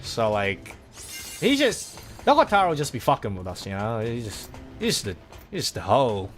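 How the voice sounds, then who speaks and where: A man streaming a game, talking in a rambling, excitable way and swearing freely as he chats. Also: medium pitch, moderate pace, soft background music. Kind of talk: casual gaming livestream chat.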